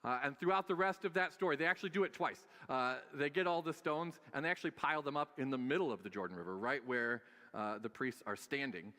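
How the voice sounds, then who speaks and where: Guy preaching, chatty and jokey, lots of uhs, bright voice, big echoey church hall. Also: mid-range voice, fast talker. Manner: conversational and joking, frequent "uh" fillers. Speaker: pastor. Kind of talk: sermon.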